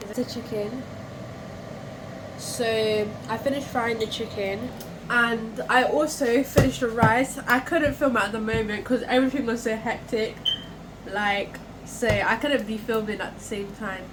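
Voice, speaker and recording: Over a noisy background, a slightly high-voiced young woman at normal speed and with fairly even intonation talks through her home cooking vlog. She has a cold, and her casual chat comes in scattered bursts, with fillers and self-corrections, as food fries in the kitchen.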